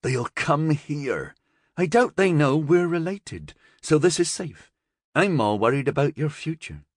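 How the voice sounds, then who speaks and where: A man's voice: on the high side, lively intonation, unhurried, no echo, clean studio sound, voice pushed up. A man voicing a firm, prying middle-aged aunt who asks insistent, scolding questions in a raised voice. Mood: worried.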